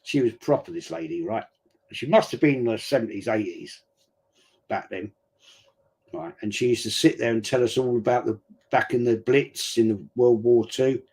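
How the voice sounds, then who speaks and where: Chatty middle-aged bloke. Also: male voice, medium pitch, moderate pace, darkish tone, breathy edge. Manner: chatty rambling storyteller, blokey slang. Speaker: watch-along streamer. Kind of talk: casual live chat during a football match.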